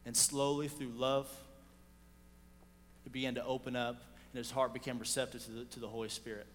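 A man preaching a sermon, telling a story with animated swings between loud and hushed delivery. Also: medium pitch, a little fast, big-room sound, slight background noise. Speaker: pastor.

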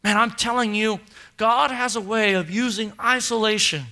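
High, bright-voiced preaching man. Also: moderate pace. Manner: impassioned preaching, drops to hushed tones for storytelling. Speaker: pastor. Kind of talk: sermon.

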